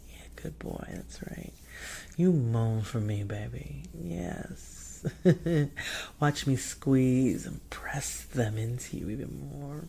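A woman performing a whispered role-play, teasing and commanding, with frequent soft laughs. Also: very deep voice, slow, vocal fry, slightly rough. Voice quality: often whispered.

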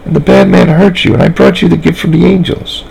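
A man's voice: high-pitched, steady tone, fairly quick, vocal fry, a little mellow, a little hiss or hum, voice pushed up, low-quality recording. A man reading a story aloud, voicing a cheerful, trusting little girl in a sweet, eager child voice. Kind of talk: fan fiction reading aloud.

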